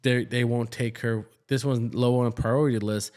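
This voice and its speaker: A man's voice: mid-range voice, normal speed. A man in his thirties, an ER nurse co-hosting a podcast, telling work stories in casual chat and acting out the quoted dialogue. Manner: animated, acts out quoted dialogue.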